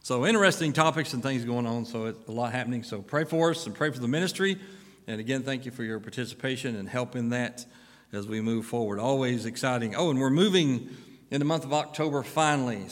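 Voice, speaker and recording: A middle-aged man, a pastor giving church announcements and then a sermon in a folksy, filler-heavy way with lively rises of emphasis. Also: medium pitch. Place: church sanctuary. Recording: long church-hall reverb.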